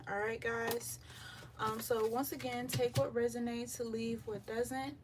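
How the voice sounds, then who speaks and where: A tarot reader with a slightly high voice talks slowly through a live reading, breathless, relaxed and chatty, dropping plenty of filler ums between thoughts. She's at home by the beach with the windows open, her voice a bit far from the mic and faint surf waves in the background.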